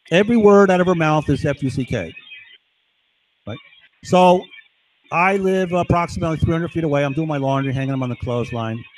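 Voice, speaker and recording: A man's voice: sits high, darkish tone, rough recording. A man talking in an agitated, rambling monologue while recording himself at his computer, again and again asking his listener "right?". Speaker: video blogger.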